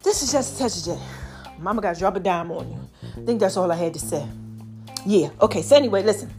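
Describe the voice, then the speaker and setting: A woman's voice: medium pitch, fast, faint music behind. A woman hosting a casual inspirational podcast, chatty and preachy, talking to her listeners and a bit out of breath. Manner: chatty, preachy, animated with lots of y'all and child. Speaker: podcast host.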